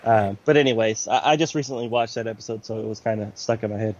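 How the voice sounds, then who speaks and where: A man co-hosting a podcast, talking in a relaxed, rambling way with many fillers. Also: on the low side, fast. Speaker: podcast co-host. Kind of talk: casual chat about comics. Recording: slightly dull lo-fi audio.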